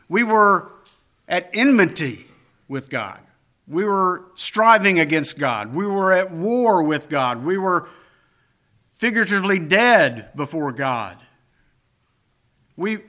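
A man delivering a sermon at an unhurried pace, his voice pitched high. He drifts into casual, self-deprecating asides, then builds emphasis through repetition. The tone stays bright and forward throughout. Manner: emphatic repetition, rising on key phrases. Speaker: pastor.

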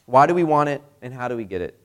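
A man's voice: medium pitch, very animated, fast, fairly bright tone. A young male pastor giving a sermon in a conversational way, with many rhetorical questions.

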